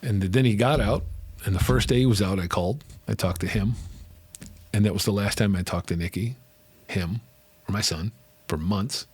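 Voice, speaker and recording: A man telling a hard personal story in a candid interview, animated, acting out the voices of people he quotes and often asking "right?". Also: on the low side, normal speed, long pauses, slightly rough, no echo. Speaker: interview guest.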